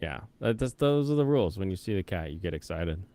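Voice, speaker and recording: A man's voice: low-pitched, expressive, fast, mellow. A man co-hosting a casual chat, joking and teasing, slipping into silly voices. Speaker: podcast co-host.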